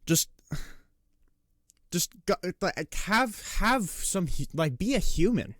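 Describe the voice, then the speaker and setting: A man's voice: high voice, big pitch swings, fairly bright tone, no room sound, studio quality. A man giving casual political reaction commentary, ranting in an exasperated way with frequent swearing. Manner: exasperated, rapid rants with profanity; mocking put-on taunts when quoting opponents. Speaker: reaction streamer.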